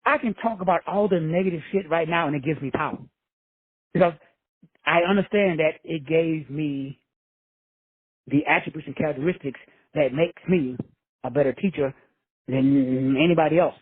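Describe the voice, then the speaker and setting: High husky man, preachy and tinny. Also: normal speed, pauses often, dry recording. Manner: preachy, addresses listeners as brothers and sisters; casual, with frequent swearing. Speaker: self-help speaker. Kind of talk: motivational talk.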